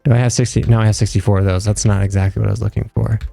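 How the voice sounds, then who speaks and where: A man's voice: fairly low pitch, little pitch movement, rapid-fire, creaky, warm tone, no room sound, soft background music. A young man streaming a game live, chatting casually with his viewers in a rambling, joking, self-mocking way. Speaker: livestreamer. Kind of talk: casual live gameplay chat.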